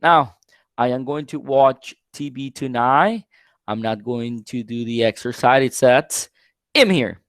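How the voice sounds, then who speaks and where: A man whose first language is Spanish, teaching an English grammar class online, repeating example sentences slowly and quizzing his students. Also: medium pitch, fairly bright tone, clear, resonant tone, dry recording, clean studio sound. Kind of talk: live online class lecture.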